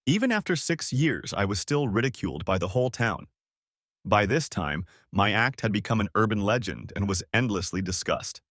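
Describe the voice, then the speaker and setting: Male audiobook narrator, bitter and curt, lively pitch. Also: moderate pace, no echo, studio quality. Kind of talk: first-person audiobook narration.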